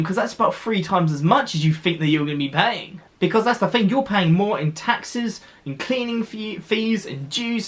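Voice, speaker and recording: A man's voice: fairly high pitch, fairly bright tone. A man from the UK vlogging, explaining costs in a chatty, rambling way with restarts. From United Kingdom. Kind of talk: casual explainer to camera.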